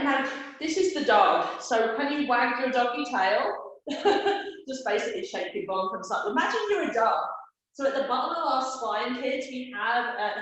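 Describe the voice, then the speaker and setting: A woman's voice: on the high side, a bit bright. A woman leading a live children's yoga class, giving playful, encouraging step-by-step cues. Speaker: kids yoga teacher. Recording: very echoey room.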